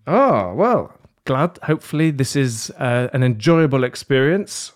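This London podcast host is very animated, though he talks a little slowly in his medium-pitched voice. Hosting a laid-back panel, he jokes around and rambles, often at his own expense.

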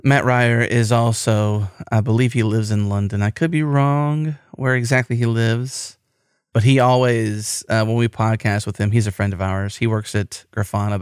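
A man's voice: fairly low pitch, level tone, moderate pace, a little mellow, clear, resonant tone, dry recording, clean studio sound. A man with an American accent hosting a podcast, talking in an enthusiastic, rambling way. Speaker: podcast host. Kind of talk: casual podcast chat.

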